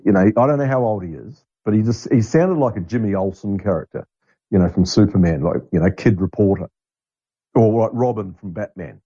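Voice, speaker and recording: Blunt rambling man with a husky voice. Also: lowish voice, brisk, dark tone, dry recording. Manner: blunt, rambling, swears freely. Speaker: podcast host. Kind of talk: casual rambling monologue. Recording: dull lo-fi dry recording.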